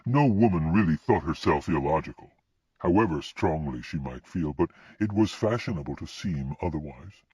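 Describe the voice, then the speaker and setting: A man narrating a fantasy audiobook in an expressive reading style. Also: rumbling low, moderate pace, slightly rough, no room sound. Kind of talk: scripted narration. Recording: dull lo-fi recording.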